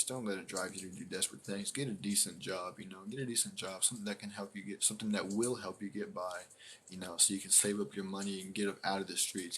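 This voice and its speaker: Rambling low-voiced man telling a story. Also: fairly bright tone, a little hiss or hum. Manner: rambling, filler-heavy, acts out others' reactions. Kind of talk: casual storytelling to a live audience.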